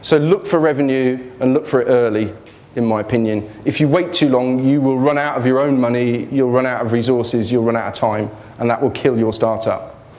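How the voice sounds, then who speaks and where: A man's voice: medium pitch, steady tone, brisk, a little mellow. A man giving an informal motivational talk about his business failures, blunt and joking, speaking in a students' union hall.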